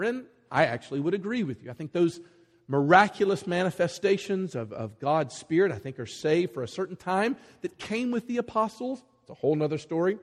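Husky-voiced man preaching in a reverberant hall. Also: high-pitched, brisk. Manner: animated storytelling, acting out voices in quotes. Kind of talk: sermon.

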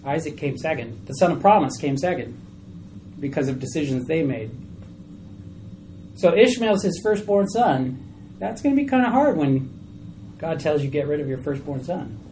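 A woman teaching a small Bible study group in a chatty, animated way, asking questions of the class. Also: low voice, moderate pace, pauses often, a little hiss or hum, rough recording.

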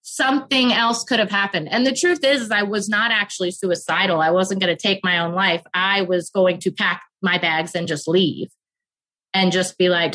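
A woman in her thirties with a bright, forceful voice shares a raw personal story as a guest. She speaks earnestly and openly, and her words tumble out faster when things get hard. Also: medium pitch, fairly even intonation, poor audio. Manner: earnest and open, rushes through emotional parts. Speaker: podcast guest.

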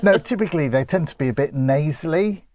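A man's voice: on the high side, fairly quick, a little mellow. An older man from Grimsby chatting casually as co-host, with a dry, wry sense of humour. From Grimsby, England. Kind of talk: casual chat.

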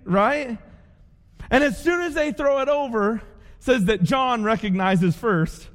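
A man's voice: very high voice, a little slow. A man preaching a sermon as pastor, telling stories with playful voices for the people in them. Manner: animated storytelling with playful character voices. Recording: long hall reverb.

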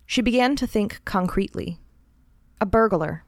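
A woman's voice: mid-range voice, animated, dry recording. Woman narrating a short story, dry. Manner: measured, deliberate reading. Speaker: podcast host reading a story.

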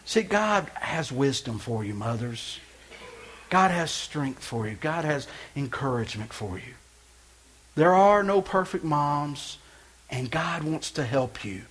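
A male pastor preaching a sermon with passion, swinging from loud emphatic lines to quiet hushed ones. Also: fairly high pitch, expressive, slow pace, breathy edge. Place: church.

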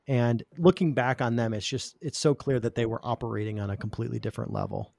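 A man's voice: mid-range voice, fast, vocal fry, hardly any pauses, a little mellow, no room sound, studio quality. A man hosting a music podcast in casual chat, earnest and thoughtful, often restarting his phrases. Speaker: podcast host.

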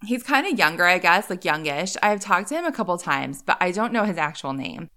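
A woman's voice: fairly low pitch, very animated, fairly quick, sharp tone. A woman hosting her own podcast, telling chatty stories in a casual monologue and laughing often. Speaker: podcast host.

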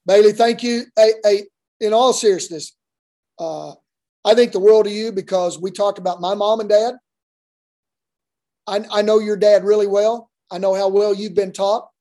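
A man's voice: high-pitched, fairly even intonation, normal speed, warm tone. A man, a basketball coach, telling rambling, folksy stories in a casual interview with many restarts. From Oklahoma.

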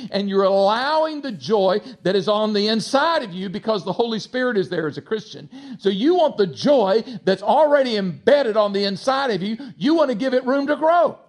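A high-pitched male pastor with a slight Texas twang preaches a sermon, swinging between loud exhortation and soft asides to the congregation.

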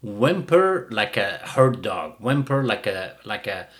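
A middle-aged man hosts a dog-training show in a blunt, mocking rant. His pitch swings up and down with lively emphasis. He talks loosely and casually, and he puts plenty of punch into his put-downs. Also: slow pace. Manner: blunt, mocking, bursts of laughter.

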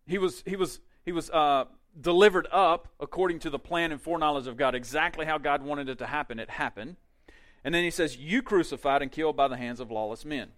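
A male pastor preaching a sermon in a conversational way, with quick asides and emphatic peaks. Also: on the high side, fairly bright tone.

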